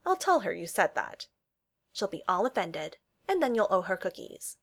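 A woman's voice: medium pitch, sing-song, normal speed, a bit bright. A woman voicing a wry, evasive young woman who keeps a pet dragon, teasing and sarcastic in tone. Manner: playful, sarcastic deflecting.

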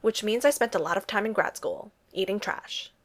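A woman reading the part of a dry-witted male scientist in a story, in a deadpan way. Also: medium pitch, normal speed, close to an everyday voice.

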